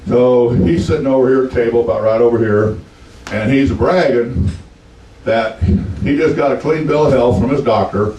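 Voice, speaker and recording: Telling homespun tales on stage, this man in his seventies speaks in a Texas drawl and acts out the people he describes. His medium-pitched voice is slightly mellow, captured far from the mic in an echoey room on a poor recording.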